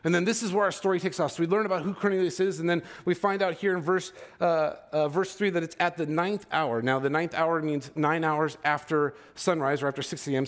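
A man in his thirties preaching a sermon as pastor, in a casual, conversational way that keeps checking in with his listeners. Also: on the high side. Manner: conversational, checks in with "okay?" and "right?".

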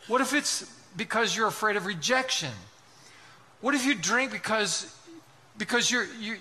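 Forceful high-voiced male preacher. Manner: impassioned, rhetorical questions, acts out quotes. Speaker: pastor. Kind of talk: sermon.

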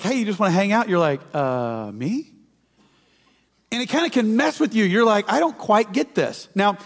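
A male pastor tells a story from the pulpit in a folksy, joking way. His voice sits high for a man. The sound carries the long reverb of a large hall. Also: a bit bright. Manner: folksy, humorous storytelling, addresses the congregation as y'all. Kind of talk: sermon with storytelling.

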